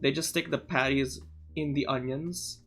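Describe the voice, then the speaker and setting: A man's voice: mid-range voice, steady tone, measured pace, a bit bright, soft background music. A man streaming live, chatting casually and irreverently while reacting to clips on a studio microphone. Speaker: livestreamer.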